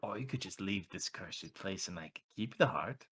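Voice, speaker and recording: A man's voice: low-pitched, animated, moderate pace, a bit bright, slightly rough, exaggerated voice. A man voicing a scheming old female hag in a tabletop game, speaking in a taunting, smug way. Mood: mocking.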